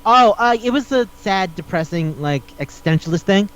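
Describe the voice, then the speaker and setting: A man's voice: high voice, animated, normal speed, fairly bright tone, clear, resonant tone. A man hosting a casual podcast chat, rambling and swearing as he retells scenes and acts out the dialogue. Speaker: podcast host.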